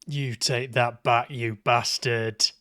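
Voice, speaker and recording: A man's voice: medium pitch, steady tone, slow pace, sharp tone, no echo, clean studio sound. A man streaming a horror game, joking and talking back to its characters, swearing now and then when startled. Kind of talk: live gameplay commentary.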